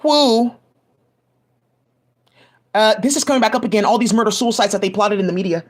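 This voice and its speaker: A woman's voice: medium pitch, fairly quick. A woman giving rambling, profane commentary full of restarts, agitated asides and fillers, speaking into a home mic. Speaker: commentary vlogger.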